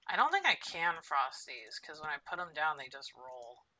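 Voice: mid-range voice, sing-song, moderate pace, pushed and bright. A streamer chatting casually on a live stream at home, muttering to themself while they cook.

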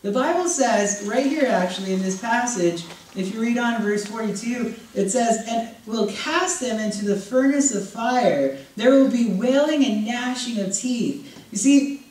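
A woman preaching a sermon to a congregation in a conversational, animated way, often acting out what people might say. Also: on the high side, measured pace. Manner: animated, acts out quoted voices, conversational with congregation. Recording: echoey room, voice from far off.

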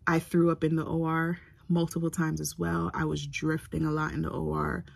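A young woman vlogger candidly recounting a hard personal experience, in a halting, emotional way. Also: low voice, completely flat delivery, vocal fry, no room sound. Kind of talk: personal storytelling to camera.

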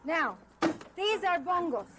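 A woman's voice: very high voice, sing-song, takes it slowly, background noise. A woman from Rico, a guest on a children's TV show, cheerfully showing instruments. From Puerto Rico. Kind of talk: children's TV chat.

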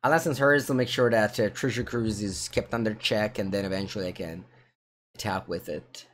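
A man with an Italian accent streaming a card game, thinking aloud in low mutters with sudden excited outbursts. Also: fairly quick. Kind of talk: live gameplay commentary.

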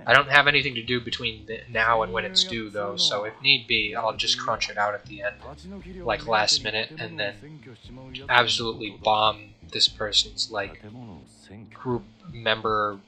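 Young guy rambling thru a game, super bright voice, jokey and mumbly. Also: on the low side, steady tone, moderate pace, rough recording. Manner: rambling, joking, mumbles and trails off. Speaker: gameplay streamer. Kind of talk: casual gameplay commentary.

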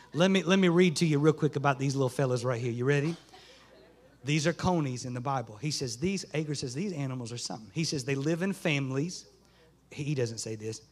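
A man's voice: medium pitch, a little fast, pauses often. A man, a pastor preaching a folksy sermon in a small church. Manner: folksy Southern preaching, rising to fervent shouts.

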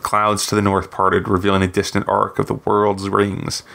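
Low gravelly male narrator. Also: monotone, moderate pace, sharp tone. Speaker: author reading his book. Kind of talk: scripted narration.

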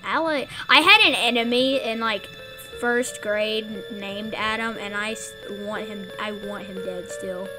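High-voiced excitable girl gaming. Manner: excitable, blunt, jokey. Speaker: gamer. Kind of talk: gameplay commentary.

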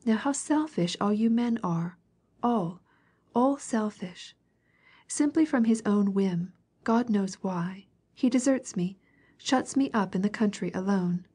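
A woman voicing a fretful, capricious young princess who chatters and complains in a lively way. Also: medium pitch, slow, husky. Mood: pleading.

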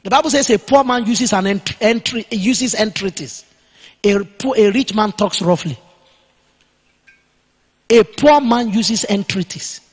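High-voiced man preaching in an echoing hall. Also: husky. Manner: emphatic preaching, dictating points slowly for notes. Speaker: pastor. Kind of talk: sermon. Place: church hall.

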